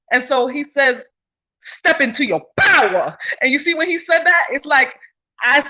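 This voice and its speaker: A woman in casual spiritual storytelling, animated and slangy, swearing freely. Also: high voice, lo-fi sound.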